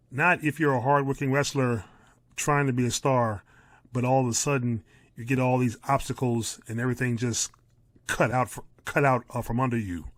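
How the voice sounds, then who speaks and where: A man's voice: mid-range voice, no echo. A man giving blunt, profane reaction commentary as host.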